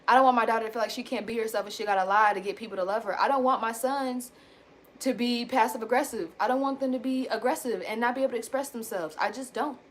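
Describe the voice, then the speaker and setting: A woman in her thirties venting candidly to her viewers, blunt and animated, swearing casually and calling them y'all. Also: on the high side, quick pace. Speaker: self-help vlogger.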